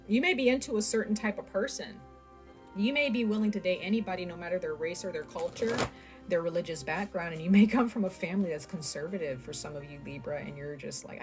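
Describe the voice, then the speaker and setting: Low-voiced chatty woman tarot reader. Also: expressive, fast, a little mellow, faint music behind. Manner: chatty, speaks straight to viewers with many fillers. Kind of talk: casual tarot reading to camera.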